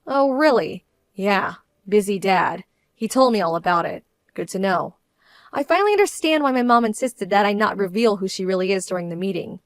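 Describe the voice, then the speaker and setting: An actress playing a young bride-to-be who answers her fiancé in a firm, measured, indignant way. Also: medium pitch, expressive, no room sound, clean studio sound, natural voice. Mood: cold. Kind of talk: dramatized story voice acting.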